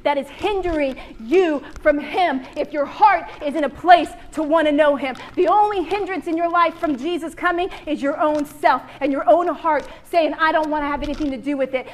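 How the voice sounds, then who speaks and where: A woman's voice: high-pitched, unhurried. A woman preaching to a women's church gathering, joking and acting out little voices as she goes. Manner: animated, jokey, acts out voices. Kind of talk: sermon.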